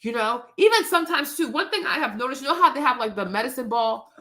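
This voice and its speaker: A woman's voice: sits high, lively intonation, quick pace, sharp tone. A woman hosting her own show, talking straight to her viewers in outspoken, indignant casual commentary. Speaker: host.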